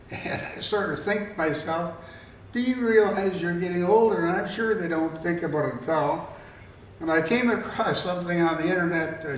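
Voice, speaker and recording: A man in his eighties, an author telling stories at a library event in a meandering, folksy, conversational way. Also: fairly high pitch. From Canada. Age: 80s. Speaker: storyteller and author. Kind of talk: storytelling talk. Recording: roomy room, mic far off, faint noise.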